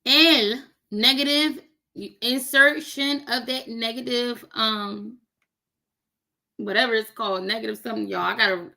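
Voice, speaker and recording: A woman's voice: on the high side, fairly even intonation, a little slow, vocal fry, sharp tone. A woman learning a language on camera, chatting casually and joking with her viewers. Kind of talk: casual chat while doing a recorded lesson.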